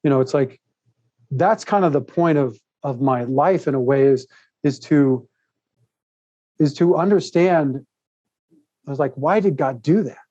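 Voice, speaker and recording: A man guest on a podcast, telling a long personal story in a rambling, animated way, laughing often and restarting his sentences. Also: mid-range voice, a little slow, long pauses, no echo, dull audio. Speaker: podcast guest, author and speaker. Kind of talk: casual interview storytelling.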